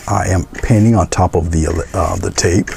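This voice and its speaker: A deep-voiced man with a gravelly edge walks viewers through a painting, calm and encouraging. His words often sink into soft, half-whispered murmurs as he works, over a faint hum of room noise. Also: moderate pace. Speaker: painting instructor. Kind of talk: step-by-step painting tutorial.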